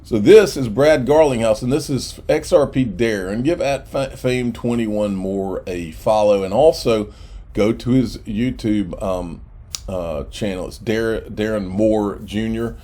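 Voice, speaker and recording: A man's voice: on the low side, a little slow, dark tone. A man hosting a crypto channel, talking casually and sarcastically to viewers, indignant and often restarting his sentences.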